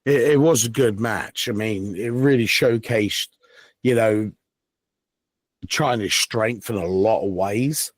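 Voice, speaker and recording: A man's voice: fairly low pitch, slow pace, dry recording. A man co-hosting a wrestling podcast, chatting casually and rambling with frequent ums and restarts. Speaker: podcast co-host. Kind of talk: casual chat. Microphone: podcast mic.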